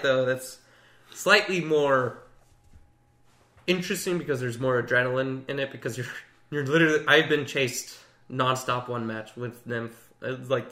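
Bright animated young man chatting about games. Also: medium pitch. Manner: animated storyteller, acts out other players in raised voices. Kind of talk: casual gaming chat.

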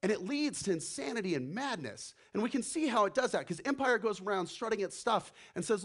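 A man preaching a sermon as the pastor, animated, acting out the voices he quotes and dropping to a hush for emphasis. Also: high-pitched, fairly quick, hardly any pauses.

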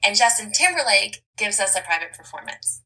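A woman's voice: mid-range voice, sing-song, fairly quick, pushed and bright, husky, rough recording. A woman guesting on a podcast as a travel blogger, cheerful and chatty, laughing often. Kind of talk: casual interview chat.

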